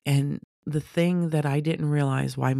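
Gravelly woman telling a story. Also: deep voice, unhurried, no room sound, studio quality. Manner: animated, acts out the voices of people she quotes. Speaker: storyteller sharing a personal testimony. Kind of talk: casual personal storytelling.

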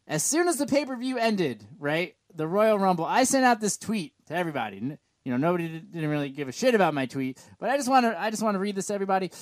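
Male co-host: animated, rambling chat delivery, dry studio sound. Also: fairly high pitch, dry recording. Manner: rambling, animated, with many restarts and swearing. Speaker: podcast co-host. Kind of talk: casual wrestling chat.

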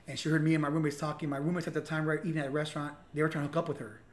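A man's voice: a little high, level tone, very fast. Earnest, frank man in a roomy space. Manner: earnest, open, swears freely. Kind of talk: candid casual conversation. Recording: roomy echo, faint hiss.

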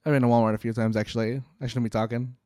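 A young man making casual, sarcastic reaction commentary, swearing and tossing off quick jokey asides. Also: medium pitch, little pitch movement, dark tone, no room sound, studio quality.

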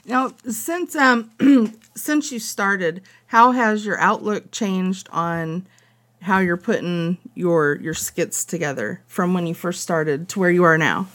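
A woman's voice: on the low side, slow pace, fairly bright tone. A woman hosting an interview, asking questions and encouraging her guest with frequent okays. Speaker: interviewer host. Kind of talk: casual interview.

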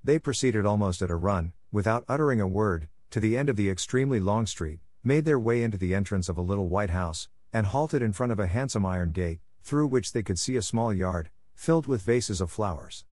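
A man giving a steady, measured storybook narration. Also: on the low side, no room sound, clean studio sound. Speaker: audiobook narrator.

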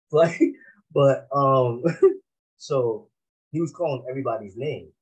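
A man's voice: medium pitch, slow, husky, rough recording. A man from Massachusetts, a rapper guest, telling laid-back, slangy stories in a casual interview and laughing often.

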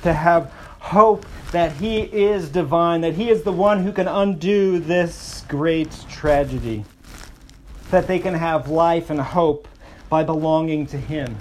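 A pastor preaching a sermon, slowing down and dropping his voice to stress key lines. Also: on the high side, slight background noise. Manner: expressive preaching, slows and softens for emphasis.

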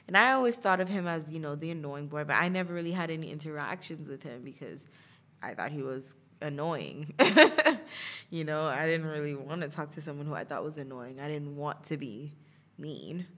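A young woman with a deep, slightly bright voice hosts a podcast, speaking at a moderate pace. She tells a personal story in a chatty, casual way, laughing often and using lots of fillers.

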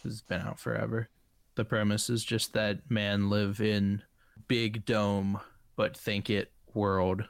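A man's voice: fairly low pitch, flat delivery, takes it slowly, vocal fry, clear, resonant tone, no echo, clean studio sound. A man co-hosting a casual comedic chat, laid-back and drawling, with jokes trailing off.

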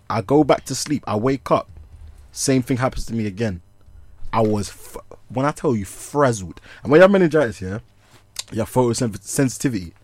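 A young man, co-hosting a comedy podcast and telling a story in animated slang, laughing as he goes. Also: mid-range voice, normal speed, no room sound. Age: young adult. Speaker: podcast co-host.

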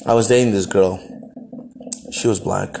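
Male podcast host from El Salvador; gravelly, low voice; blunt, profane storytelling monologue with frequent restarts. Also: steady tone, moderate pace, darkish tone, slight background noise.

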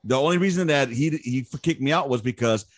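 A man in his thirties, an army veteran, telling war stories in casual chat, profane, animated and boastful. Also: medium pitch, fast, dry recording, studio quality.

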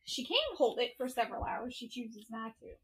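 A woman's voice: on the high side, steady tone, moderate pace, a little hiss or hum, rough recording. A young woman co-hosting a podcast, chatty and teasing in casual conversation. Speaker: podcast co-host. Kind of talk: casual chat.

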